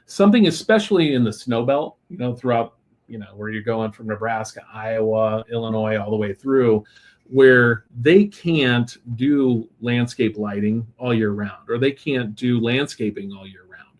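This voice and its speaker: A man speaking as a podcast guest at a mid pitch. He is relaxed and chatty, leaning on "you know" and "um" as he explains at length. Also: normal speed. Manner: relaxed and talkative, with many fillers and "you know". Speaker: guest, lighting company executive. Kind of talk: casual interview chat.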